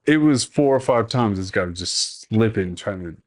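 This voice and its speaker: A man hosting a podcast, telling a long story in a casual, animated and profane way. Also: lowish voice, moderate pace. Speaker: podcast host.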